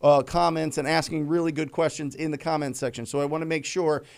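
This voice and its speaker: A man's voice: a little high, fairly even intonation, fairly quick, creaky, a little mellow. A middle-aged man hosting a live show, coaching with emphatic repetition and acting out sample phone calls. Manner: emphatic, repeats key phrases, acts out sample calls. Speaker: live show host teaching real estate cold calling. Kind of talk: energetic live coaching talk.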